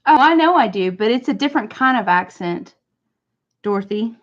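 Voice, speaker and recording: A woman's voice: on the high side, lively intonation, moderate pace, muffled recording. A woman hosting a livestream, chatting casually and answering viewers one by one. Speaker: livestream host. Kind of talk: casual chat.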